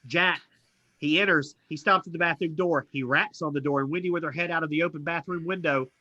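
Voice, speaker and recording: Bright, animated male script reader. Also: fairly high pitch, brisk, lo-fi sound. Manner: animated, with asides and chuckles. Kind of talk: live narrated script reading.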